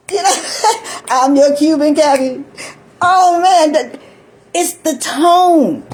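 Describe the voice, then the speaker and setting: A woman's voice: very high-pitched, lively intonation, slow pace, long pauses, a little mellow, low-quality recording. An older woman talking in a rambling, chatty monologue, often laughing and acting out little voices. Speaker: vlogger.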